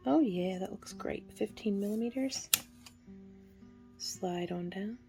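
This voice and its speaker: A woman giving a relaxed, chatty hands-on craft tutorial, talking through each step and counting stitches aloud. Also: mid-range voice, unhurried, vocal fry, music in the background. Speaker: craft instructor.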